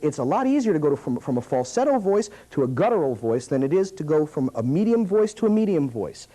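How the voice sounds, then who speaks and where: A man teaching a puppetry workshop in an animated, demonstrative way. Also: a little high, quick pace, poor audio.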